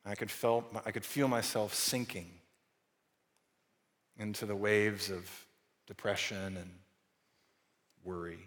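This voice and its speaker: A man's voice: lowish voice, fairly even intonation, takes it slowly, pauses often. Earnest preacher man in a reverberant hall. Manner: earnest, shifting from raised to hushed delivery. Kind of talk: sermon.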